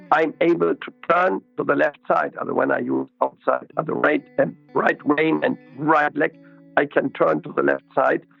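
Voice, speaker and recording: Gravelly man explaining riding, methodically. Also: fairly high pitch, no room sound, highs cut off. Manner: slow, methodical, repeats key words. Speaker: riding expert guest. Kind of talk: interview explanation.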